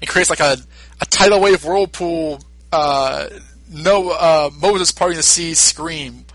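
In a dry recording, a podcast co-host with a slightly high voice walks slowly through a movie's plot. The chat is casual and full of laughter, and he tells it with animation.

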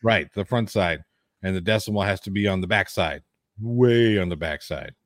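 A man's voice: sits low, moderate pace, dry recording, studio quality. A man co-hosting a horror podcast live stream, joking casually and reading viewers' chat names aloud. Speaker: podcast co-host.

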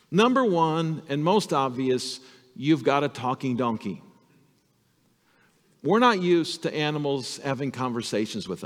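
A male pastor telling a Bible story to children in an animated, storytelling sermon. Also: a little high, in a large hall.

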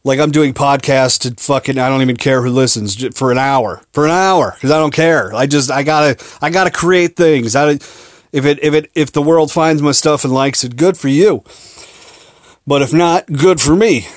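Rambling, profane young podcast host. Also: male voice, a little high, normal speed, dry recording, studio quality. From Minneapolis, US. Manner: rambling, profane, self-mocking, lots of restarts. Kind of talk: casual storytelling monologue.

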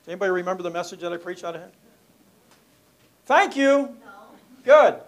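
A man's voice: high voice, lively intonation, fairly quick. A middle-aged man preaching in church, reading scripture and joking with the congregation in a folksy way. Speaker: pastor.

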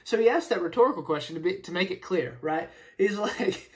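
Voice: mid-range voice, expressive, fairly quick, few pauses. A speaker giving a casual Bible study, explaining verses with rhetorical questions and peppering the talk with "right?" and "man.". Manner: casual, filler-heavy, keeps saying "right?" and "man". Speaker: Bible teacher.

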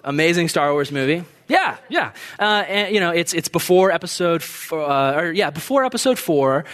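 High-voiced young pastor preaching conversationally. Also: male voice, lively intonation, moderate pace, a bit bright. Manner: conversational storytelling preaching, acts out quotes. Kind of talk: sermon.

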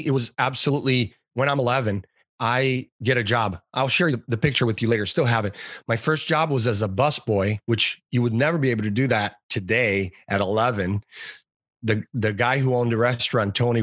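A man in his forties from Brazil, a podcast guest telling his life story in a relaxed, rambling way with many fillers and restarts. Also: mid-range voice, normal speed, no echo, studio quality. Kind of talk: casual interview storytelling.

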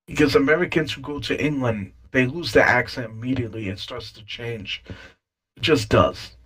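A man's voice: mid-range voice, moderate pace, fairly bright tone, rough recording. A man co-hosting a casual podcast chat, emphatic and opinionated, swearing now and then.

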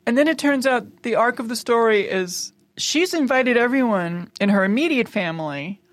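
A woman's voice: on the high side, normal speed, no echo. A woman co-hosting a casual chat, retelling a film's plot and acting out the characters' lines as she goes. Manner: animated storyteller, acting out family members' lines. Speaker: podcast co-host.

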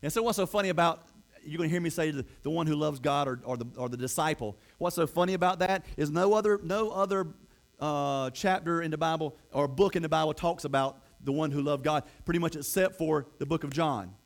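A man's voice: a little high, a little fast, faint music behind. A man preaching a storytelling sermon, conversational with playful asides and frequent restarts.

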